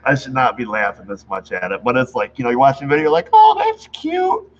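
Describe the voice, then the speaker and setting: A man's voice: medium pitch, racing, a bit bright. A middle-aged man from New York State, a shop owner chatting casually to his viewers, rambling and laughing at his own stories. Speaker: auto shop owner, channel host. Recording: dull lo-fi sound with faint background noise.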